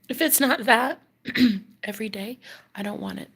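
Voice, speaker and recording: A woman's voice: fairly high pitch, slow pace, long pauses, a bit bright, slightly rough. A woman with a Welsh accent, a love coach talking openly in a rambling confessional monologue, full of restarts and laughs. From Wales.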